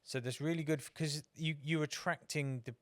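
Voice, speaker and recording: A man's voice: fairly high pitch, steady tone, moderate pace, fairly bright tone, dry recording. A man, co-hosting a motorsport podcast in casual chat, telling rambling anecdotes and swearing freely. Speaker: podcast co-host.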